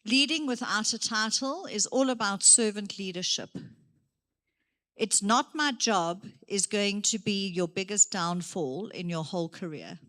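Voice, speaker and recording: A woman giving a motivational career talk to young people, lively and acting out her examples. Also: mid-range voice, normal speed, few pauses. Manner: lively, acts out examples, moves around while speaking. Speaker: career day speaker. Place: church hall.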